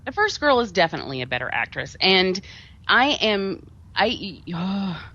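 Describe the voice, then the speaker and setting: A woman co-hosting a podcast, chatting casually about a movie in an animated way, laughing often and trailing off into restarts. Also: medium pitch, normal speed. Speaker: podcast co-host. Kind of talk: casual movie review chat. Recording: dull lo-fi podcast audio.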